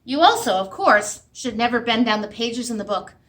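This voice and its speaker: Female children's librarian, high and lively, bright sing-song storytime delivery. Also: moderate pace. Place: library room.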